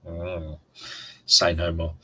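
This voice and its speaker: A man's voice: low voice, completely flat delivery, slow pace, pushed and bright, slight background noise, low-quality recording. A man hosting a live stream, chatting casually to viewers in a rambling way and often restarting his words. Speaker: livestream host.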